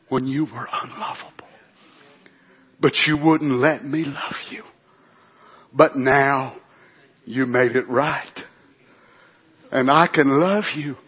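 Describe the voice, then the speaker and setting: A soft, low, unhurried divine voice, tender and loving, speaking gently to a beloved child, as an older preacher puts it on in his sermon. The recording is dull and lo-fi. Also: breathy edge. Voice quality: hushed, slow and gentle. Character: tender loving God speaking softly to a believer.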